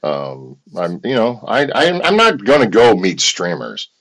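A man's voice: on the low side, a little slow, low-quality recording. A middle-aged American man hosting a livestream, chatting casually in a rambling, profane way. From United States. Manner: profane, rambling, animated storytelling. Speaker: livestream host.

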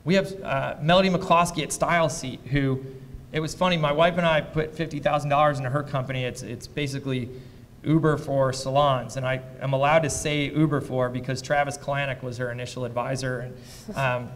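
A man who invests in startups, speaking as a fireside chat guest before a live audience, blunt and profane as he tells lively anecdotes. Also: mid-range voice, fairly quick, in a large hall. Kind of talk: candid onstage storytelling.

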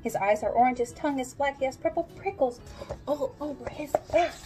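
A woman's voice: high voice, a little fast, dark tone, soft background music, low-quality recording. A preschool teacher reading a picture book aloud to children, exclaiming with big leaps in her voice. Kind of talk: storybook read-aloud for children.

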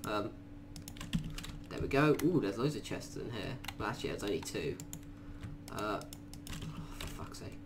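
A man doing let's play commentary, muttering quietly to himself and then bursting into panicked shrieks and swearing. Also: on the low side, very animated, unhurried, long pauses, heavy background noise. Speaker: gaming YouTuber.

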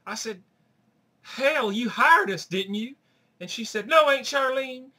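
A loud, crude woman, as a man puts her on dishes trash in a high, bright, sharp voice. She is a brash, gossiping comedy-sketch auntie who spares nobody. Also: lively intonation, unhurried, heavily acted. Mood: gossipy. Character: brassy crude Southern middle-aged woman, Aunt Charlene.

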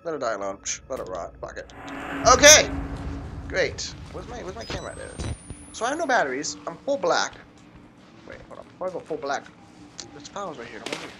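A man playing a horror game on video, talking to the viewers and the game, often yelling, panicking and swearing. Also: a little high, sing-song, a little fast, pauses often, background noise. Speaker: gaming video creator. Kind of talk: let's play commentary.

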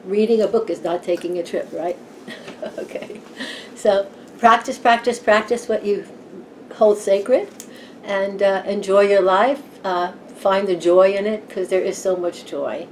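A woman hosting a home tarot vlog, chatting loosely and giggling as she rambles along. Her voice sits at an everyday middle pitch, and a faint hum of room noise runs behind her. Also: measured pace. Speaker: tarot channel host. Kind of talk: casual vlog chat. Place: home room with a fan running.

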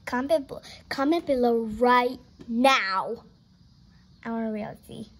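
A woman's voice: a little high, measured pace. A woman reading a children's picture book aloud, playful and exclaiming, turning to chat with her viewers between pages. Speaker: storyteller.

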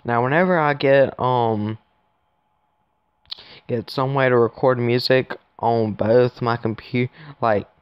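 A man's voice: medium pitch, steady tone, slow, clean tone, dry recording, muffled recording. A man giving rambling, casual commentary to his viewers while playing a phone game, recorded on his phone. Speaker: gaming YouTuber.

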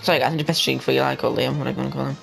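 Excitable young man with a gravelly edge. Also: medium pitch, very fast, soft background music, rough recording. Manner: excitable, talks to the game and viewers, bursts into yells. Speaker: gaming channel host. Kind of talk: let's play commentary.

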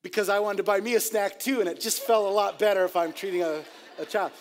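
A middle-aged man, a pastor, preaching a sermon and telling stories in an animated, jokey way, laughing at his own tales. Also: high-pitched, fast talker, slight background noise. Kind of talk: sermon with storytelling.

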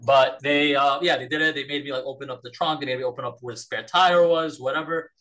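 Male guest from Palestine, casual profane storyteller, mid-pitched, quick delivery. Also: poor audio. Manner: rambling, profane, animated retelling. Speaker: podcast guest.

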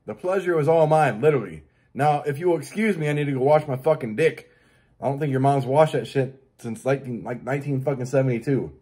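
Man, profane comedic rant, dark mellow tone, husky, mocking. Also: animated, brisk. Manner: crude, swearing constantly, mocking; rants about daily annoyances, mimics others in high voice. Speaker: show host.

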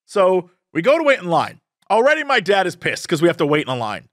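A man's voice: high-pitched, quick pace, dry recording, studio quality. A young man co-hosting a podcast, telling a funny family story in casual chat and acting out the people in it. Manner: animated storyteller acting out family members' voices. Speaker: podcast co-host.

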